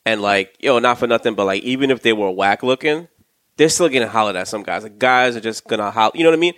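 A man's voice: medium pitch, fast, fairly bright tone, no room sound, clean studio sound. A man co-hosting a podcast in casual chat, rambling and repeating himself with lots of fillers. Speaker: podcast co-host.

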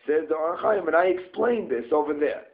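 A man's voice: on the high side, normal speed, gravelly. Man teaching Torah text over tinny audio. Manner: reads Hebrew text then translates phrase by phrase. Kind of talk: text study lesson. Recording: tinny phone-like sound.

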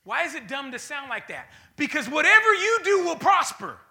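A man preaching a sermon as pastor, swinging between loud bursts and mocking voices. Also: extremely high pitch, big pitch swings, moderate pace.

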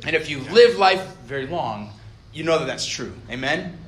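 A man's voice: fairly high pitch, lively intonation, moderate pace. A young man from Idaho preaching a casual storytelling sermon as a college ministry director, chatty and self-deprecating, joking with his audience. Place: college meeting hall. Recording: echoey hall.

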